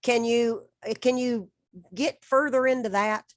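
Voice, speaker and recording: A middle-aged woman hosting a podcast interview, upbeat and quick to laugh. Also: fairly high pitch, steady tone, no room sound, studio quality. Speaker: podcast host. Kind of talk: conversational interview.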